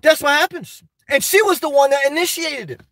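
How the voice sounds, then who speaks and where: High-pitched male vlogger, loose rambling delivery, frequent laughs, dry unreverberant sound. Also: fairly quick, dry recording. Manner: rambling, animated, laughs often, addresses viewers directly. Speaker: vlogger reading live chat. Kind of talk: casual live-stream chat.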